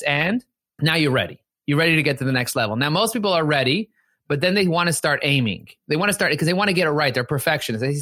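A man's voice: fairly high pitch, sharp tone, no echo. A man hosting a podcast as a sales coach, giving emphatic, repetitive motivational advice. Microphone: podcast microphone.

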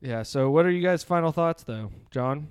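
A man with a smooth, clean voice hosts a laid-back movie podcast. He rambles loosely and pokes fun at himself. The sound is dry and close, with no room around it. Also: a little high, expressive, normal speed, a little mellow, dry recording. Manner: loose, rambling, self-deprecating. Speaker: podcast host. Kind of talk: casual podcast chat.

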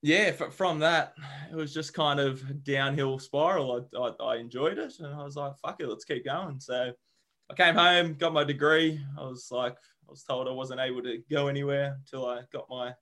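A young man appearing as a podcast guest tells a travel story in a casual, lively way, with a mid-range voice and moderate pace. He swears freely while acting out what people said.

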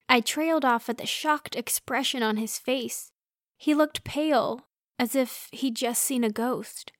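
A woman narrating a first-person fiction story in an earnest, expressive way. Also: a little high, a little slow, dry recording, studio quality.

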